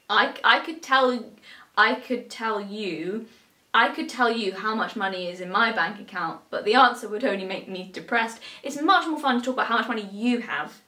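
English woman mocking someone in a commentary vid, kinda high voice, echoey room, mic sits a bit far off. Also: moderate pace, bright, forceful tone. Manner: sarcastic, mocking questions. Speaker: commentary YouTuber. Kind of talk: commentary rant.

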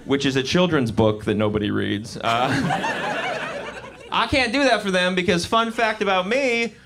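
A young man performing a live stand-up comedy set on a club stage, animated and slipping into voices for his bits. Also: high-pitched, moderate pace, vocal fry. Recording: live club recording with audience noise. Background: audience laughter.

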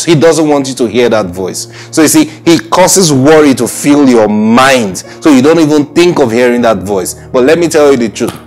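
Middle-aged male preacher, faint music behind. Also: mid-range voice. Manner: earnest, often repeating praise phrases; frequent restarts and stammers. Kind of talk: recorded weekly sermon.

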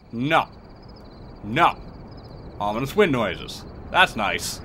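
Bright, lively sarcastic gamer guy. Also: a little high, unhurried, long pauses, slight background noise. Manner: sarcastic, mutters dry asides. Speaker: let's play gamer. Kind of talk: casual gameplay commentary.

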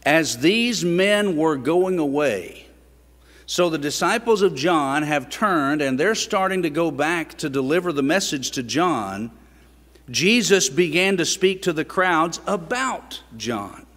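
Slow, earnest preacher in a reverberant church. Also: male voice, lively intonation, a bit bright. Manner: earnest, rises in pitch for emphasis and questions. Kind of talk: sermon. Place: church sanctuary. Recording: long reverb of a church sanctuary.

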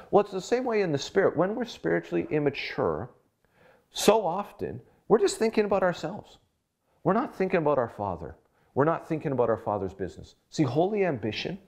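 A man's voice: on the high side, darkish tone. A middle-aged man, a pastor, giving a conversational devotional sermon with personal stories and acted-out quotes. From Canada. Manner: conversational, storytelling, acts out quoted voices.

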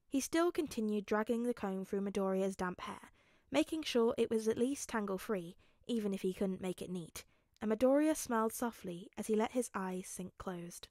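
A woman narrates a fanfic audiobook in a calm, even voice of middle pitch. The sound is dry and close, with no room around it. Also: normal speed, no room sound.

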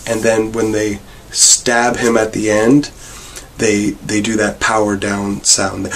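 A man vlogging a rambling comic monologue with wry, meandering deadpan asides. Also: lowish voice, slow pace. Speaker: vlogger and bar worker.

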